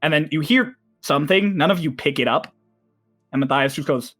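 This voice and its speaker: An excited game master narrates a tabletop session in a quick, animated run of words. His voice sits fairly high. Light music plays underneath.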